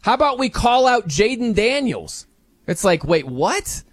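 Male sports talk host, high and lively, excited and sarcastic, dry close mic. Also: dry recording. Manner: excited, sarcastic, quick asides.

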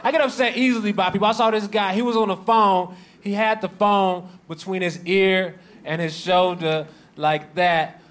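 A man's voice: high-pitched, fairly even intonation, moderate pace, fairly bright tone. A man doing a stand-up routine, telling wry stories about his day. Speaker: stand-up comedian.

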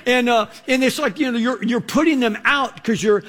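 A middle-aged male pastor preaching with a notably high voice. He talks loosely and conversationally, dropping frequent "you know" asides between his points. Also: normal speed, hardly any pauses, fairly bright tone. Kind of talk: sermon. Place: Los Angeles church.

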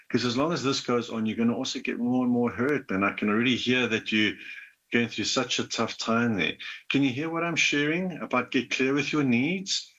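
A man hosting a call-in advice show, talking in a gentle, earnest coaching manner. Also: mid-range voice, normal speed, highs cut off. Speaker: relationship advice host.

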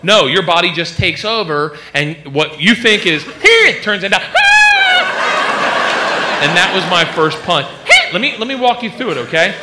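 A male stand-up comedian tells an animated story and acts out sound effects. His voice sits high. The room behind him is noisy. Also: a little fast, hardly any pauses, over a noisy crowd.

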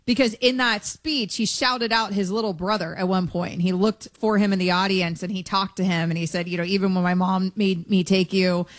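A woman's voice: mid-range voice, steady tone, moderate pace, few pauses, dry recording. A woman co-hosting a sports radio show, chatting casually and emphatically with a self-mocking tone. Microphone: studio microphone.

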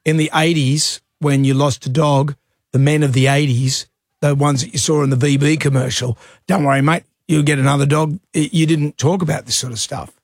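An Australian man co-hosts breakfast radio in a husky, slightly raised voice. He chats and consoles, and he drifts into anecdotes. The mic is close and dry. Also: fairly high pitch, steady tone, normal speed, no room sound. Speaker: radio co-host. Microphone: studio microphone.

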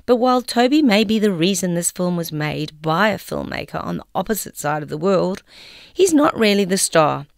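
An older woman from Australia reading a film review aloud in a wry, expressive way. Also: on the low side, moderate pace, vocal fry, smooth, no echo, studio quality. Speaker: co-presenter reading an article.

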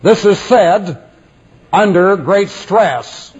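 A male preacher giving a sermon in a measured, emphatic way, repeating refrains for weight, on a dull lo-fi recording. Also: high voice, lively intonation, a little mellow, breathy edge.

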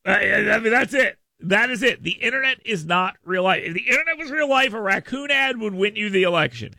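Sarcastic ranting man with a gravelly voice. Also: sits high, lively intonation, brisk, pushed and bright, no echo, clean studio sound. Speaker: political talk radio host. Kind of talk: opinionated talk radio monologue.

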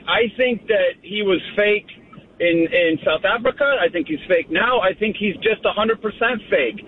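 A man calling in to a radio show, speaking plainly with some hesitation over a phone line. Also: high-pitched. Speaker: radio caller. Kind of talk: phone-in call. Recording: tinny phone line with light hiss.

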